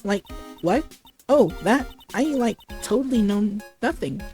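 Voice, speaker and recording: A woman's voice: mid-range voice, expressive, warm tone, soft background music, natural voice. Woman reading as a ditzy valley girl. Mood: airheaded. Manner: halting reading with stutters and restarts; valley-girl filler words.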